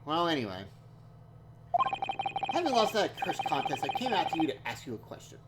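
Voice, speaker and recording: A woman's voice: low voice, big pitch swings, fairly quick, heavy background noise. A woman live-streaming as she reads game dialogue aloud, theatrical and switching between character voices. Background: loud music.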